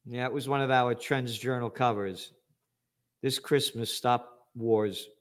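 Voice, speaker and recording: Picture a man hosting his own show, ranting about the news in a voice that is neither high nor low. He is angry and profane, and every so often he breaks into shouting. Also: fairly even intonation, measured pace. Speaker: show host. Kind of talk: ranting commentary.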